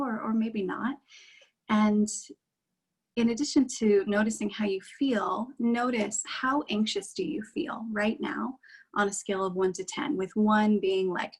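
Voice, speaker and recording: Woman meditation guide: unhurried, reassuring delivery, slightly breathy tone. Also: medium pitch, low-quality recording.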